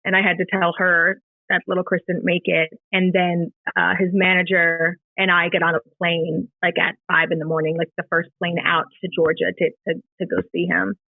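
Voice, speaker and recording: A middle-aged woman, a podcast guest, retelling a painful personal story in a halting, emotional way, with many fillers and restarts. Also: lowish voice, level tone, creaky, no echo. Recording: dry, tinny phone-like sound.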